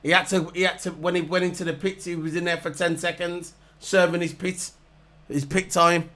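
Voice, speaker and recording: A man's voice: high-pitched, little pitch movement, normal speed, bright, forceful tone. A man, ranting in a heated, mocking way and repeating his points over and over. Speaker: vlogger reviewing races. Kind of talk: ranting casual monologue to camera.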